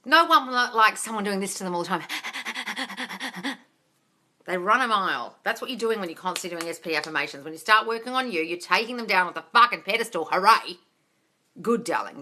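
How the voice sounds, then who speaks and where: A woman manifesting coach hosting a casual live Q&A, gushing and excitable, calling listeners darling and swearing freely. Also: mid-range voice, brisk. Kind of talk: casual live-stream Q&A, reading viewer comments.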